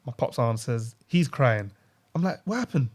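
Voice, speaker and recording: A man's voice: medium pitch, moderate pace, breathy edge. A young man, a podcast co-host telling a personal story in casual chat, full of slang and acted-out quotes. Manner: animated storytelling with London slang, acting out quotes.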